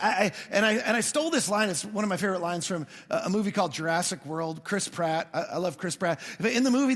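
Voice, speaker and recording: A man's voice: high-pitched, in a large hall. A man preaching a sermon as pastor, telling stories in a loose, conversational way and acting out the people he quotes. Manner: conversational storytelling with animated quoted asides. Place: church auditorium.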